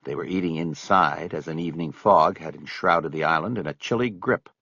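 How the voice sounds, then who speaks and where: A man reading an audiobook as narrator in an expressive storytelling way. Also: very deep voice, fairly quick, gravelly, slightly rough, no echo, lo-fi sound. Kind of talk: scripted narration.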